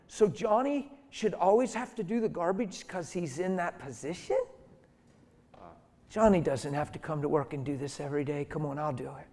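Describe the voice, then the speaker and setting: A middle-aged man preaching through a personal story, animated and emphatic, acting out the voices of the people in it. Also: on the high side, fast. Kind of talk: storytelling sermon. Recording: long hall reverb.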